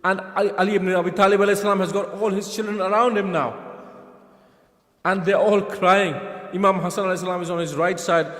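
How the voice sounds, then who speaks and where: A man's voice: sits high, fairly even intonation, fast talker, a bit bright. A man preaching a mournful sermon, telling a story earnestly and rising to impassioned pleas. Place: large hall at a religious gathering. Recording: reverberant hall sound.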